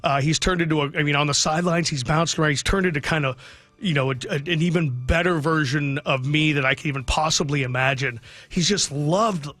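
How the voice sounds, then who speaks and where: A man's voice: on the high side, fairly quick, a bit bright, no room sound, faint music behind. A middle-aged man, a radio sports broadcaster, talking heartfelt and rambling about his son in a radio interview, choking up at times.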